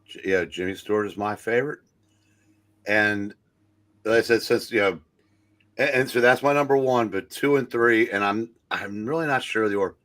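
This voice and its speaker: A man in a casual chat who speaks haltingly, with frequent restarts and hesitations. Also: on the low side, a bit bright.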